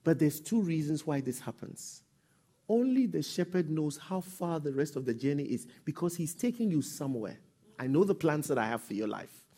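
A man preaching a sermon as pastor, calling on the congregation to respond and rising to shouts. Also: on the high side, lively intonation, normal speed.

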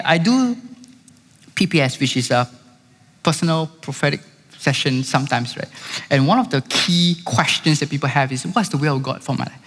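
A man's voice: fairly high pitch, fairly bright tone. A man preaching a sermon as a pastor, calling out to the congregation. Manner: preaching with call-outs to the congregation. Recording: hall reverb.

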